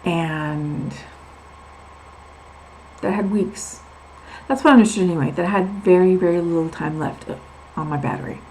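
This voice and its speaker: A woman's voice: fairly low pitch, normal speed, pauses often, darkish tone, a little hiss or hum, rough recording. A woman telling her own story in a vlog, candid and emphatic, repeating words for stress and drifting onto tangents. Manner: candid and confiding. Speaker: vlogger sharing her medical experience.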